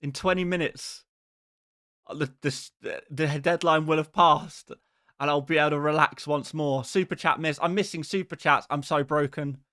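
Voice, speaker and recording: A man's voice: fairly high pitch, fairly even intonation, normal speed, pushed and bright, dry recording, clean studio sound. A man hosting a live stream who chats casually with his viewers in a rambling, exasperated and self-mocking way.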